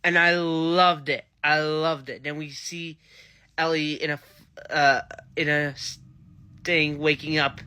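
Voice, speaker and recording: A man's voice: a little high, little pitch movement, takes it slowly, sharp tone, smooth. A man giving a casual, rambling, enthusiastic review of a TV episode. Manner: enthusiastic, rambling fan chatter. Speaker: TV show reviewer.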